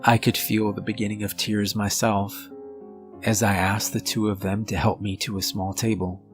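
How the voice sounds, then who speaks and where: A man with a fairly low voice reads a first-person horror tale in a steady, measured storytelling manner. His scripted narration sits over a soft, faint music bed. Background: soft background music.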